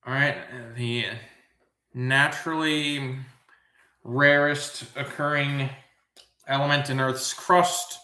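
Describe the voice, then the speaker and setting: Male trivia host, mid pitch, jokey and rambling, echoey room sound. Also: level tone, slow, pauses often, bright, forceful tone. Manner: goofy, self-amused, riffs on tangents. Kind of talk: rambling live trivia commentary.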